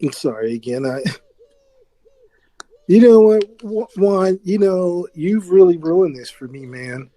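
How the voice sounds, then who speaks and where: A man telling a story on live radio with a high voice and an unhurried pace, stumbling and restarting as he grows more and more exasperated. He keeps stopping to scold whoever plays the sound effects, then pushes on with his tale. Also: mellow, no echo.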